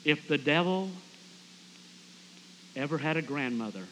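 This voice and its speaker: A man's voice: on the high side, measured pace, slight background noise, poor audio. A man preaching a storytelling sermon at a camp meeting, acting out the people he quotes. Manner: animated, acts out quoted voices.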